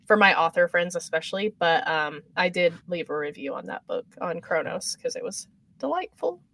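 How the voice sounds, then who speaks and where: A woman's voice: lowish voice, expressive, moderate pace, a bit bright. A woman hosting a podcast interview over a video call, chatty and enthusiastic, with frequent ums. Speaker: podcast host. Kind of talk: casual interview chat.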